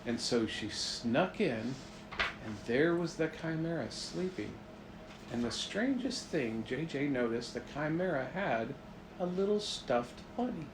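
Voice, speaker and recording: A man's voice: a little high, big pitch swings, a little slow, reverberant, noisy background. A man telling a playful, improvised bedtime story as a parent.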